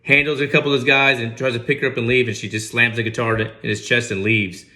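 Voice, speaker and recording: A man's voice: medium pitch, little pitch movement, quick pace, sharp tone. A man giving casual comedic movie commentary, sarcastic and incredulous with mock outrage. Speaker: movie reaction host.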